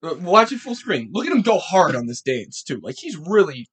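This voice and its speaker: A young man hosting a podcast, chatting casually and excitedly with a lot of swearing. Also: high-pitched, moderate pace, breathy edge. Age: young adult. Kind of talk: casual chat.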